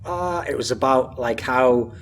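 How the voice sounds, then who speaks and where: Quiet male interviewer, faint hiss. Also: mid-range voice, unhurried. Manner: brief quiet acknowledgments.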